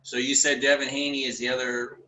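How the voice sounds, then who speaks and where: A man's voice: medium pitch, little pitch movement, a little fast, bright, forceful tone, roomy sound, a little hiss or hum, rough recording. A man co-hosting a boxing talk show, rambling and repeating himself as he chats casually. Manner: rambling, repeats words, laughs while talking.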